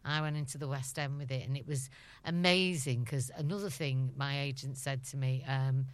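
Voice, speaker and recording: A woman's voice: very deep voice, fairly even intonation, normal speed, dry recording. A middle-aged woman with a Liverpool accent, a guest in an interview, telling chatty anecdotes and laughing often. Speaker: actress guest. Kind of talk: casual interview chat.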